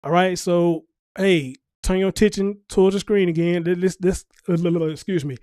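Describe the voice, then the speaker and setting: Male show host, high-pitched, dry close sound, preachy emphatic rant. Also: fairly even intonation, moderate pace, a little mellow, no room sound. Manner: emphatic, preachy, seeking agreement with the audience. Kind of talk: casual ranting commentary.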